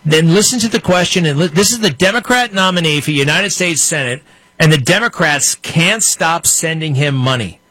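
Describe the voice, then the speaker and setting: A man's voice: on the high side, lively intonation, moderate pace, sharp tone, dry recording, low-quality recording. A man hosting a political commentary show, ranting in a combative, mocking way from a studio.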